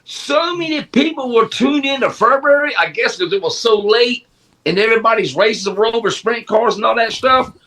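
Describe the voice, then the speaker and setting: A man co-hosting a podcast in casual chat, telling animated stories and acting out quoted dialogue, sometimes shouting it. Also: very high voice, normal speed. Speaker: podcast co-host.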